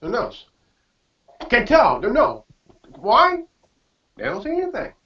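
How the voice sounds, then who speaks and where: A woman's voice: fairly high pitch, wildly swooping pitch, slow, distant mic. A woman on a round table panel speaking emphatically in casual chat. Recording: dull lo-fi audio from off-mic.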